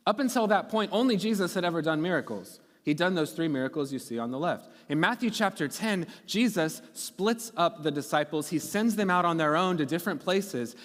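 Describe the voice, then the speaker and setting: With a fairly high-pitched voice, a man teaches his sermon conversationally, frequently asking the congregation "okay?" and "right?" The big-room sound reflects the church sanctuary around him.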